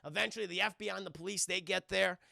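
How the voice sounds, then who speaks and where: A man's voice: high-pitched, fairly even intonation, rapid-fire, vocal fry, sharp tone, no room sound, studio quality. A young man streaming a casual, profane, rambling film recap, talking constantly to his live chat.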